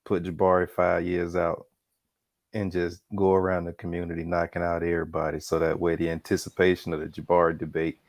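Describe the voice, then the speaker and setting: A man's voice: low-pitched, monotone, fairly quick, dry recording. A laid-back man agreeing and adding ideas in casual podcast chat.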